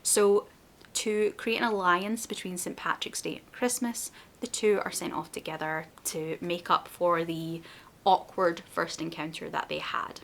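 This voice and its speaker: A woman's voice: fairly low pitch, steady tone, unhurried, gravelly, fairly bright tone. Woman venting about books. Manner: candid, exasperated complaining. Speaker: book reviewer. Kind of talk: casual book review vlog.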